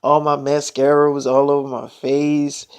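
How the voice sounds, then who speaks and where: A man voicing a young woman, a lovesick girlfriend who pleads softly and keeps saying her partner's name. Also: a little high, completely flat delivery, moderate pace, clear, resonant tone, close to an everyday voice. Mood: pleading. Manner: soft, pleading, repeats his name.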